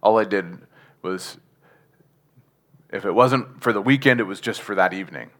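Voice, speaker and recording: Bright-voiced man preaching a testimony. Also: on the low side, normal speed. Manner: earnest storytelling with chuckles, addresses the congregation. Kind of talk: sermon testimony.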